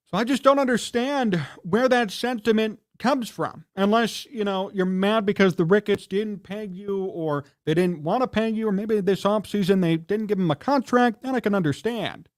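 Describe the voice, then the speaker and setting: A man with a fairly high voice hosts a live sports talk stream. He rants in a heated, indignant way and scolds the people he talks about. His voice runs above most men's. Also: moderate pace. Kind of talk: livestream sports rant.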